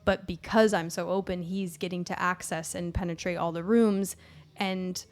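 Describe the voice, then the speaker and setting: Animated, laugh-prone woman chatting. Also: fairly low pitch, moderate pace. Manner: animated, laughs often, trails off mid-thought; swears casually. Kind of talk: casual podcast chat.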